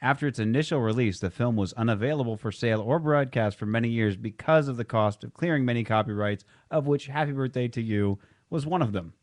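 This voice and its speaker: A man's voice: medium pitch, a little fast, few pauses, a little mellow. A man in casual podcast banter who chimes in with dry remarks and reads facts aloud.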